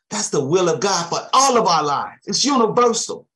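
A man preaching a sermon, chuckling often and dropping amens and soft thanks to Jesus between his points. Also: sits high, sing-song, normal speed.

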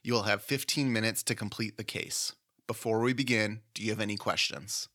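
A man's voice: fairly low pitch, steady tone, brisk, a bit bright. A man hosting a podcast, playfully narrating a mock medical exam case. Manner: playful, teasing, laughs easily. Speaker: podcast host running a mock oral boards case.

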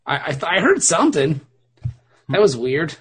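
A man's voice: on the high side, big pitch swings, normal speed, fairly bright tone. A man co-hosting a casual comedy podcast, joking, swearing and laughing often as he chats. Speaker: podcast co-host.

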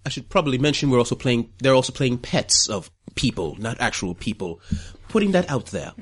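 Husky, lively-voiced game master. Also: male voice, mid-range voice, a little fast. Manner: giggly, playful. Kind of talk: actual play podcast hosting.

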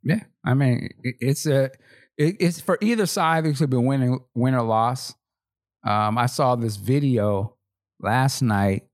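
A man's voice: mid-range voice, unhurried. A man co-hosting a podcast in casual chat, laid-back and slangy, laughing often and asking rhetorical questions. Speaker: podcast co-host.

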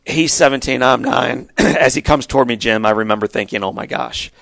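A man's voice: mid-range voice, fairly quick, gravelly, fairly bright tone, no echo. A middle-aged man, a podcast guest, telling a personal story with earnest, emphatic storytelling. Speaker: guest speaker.

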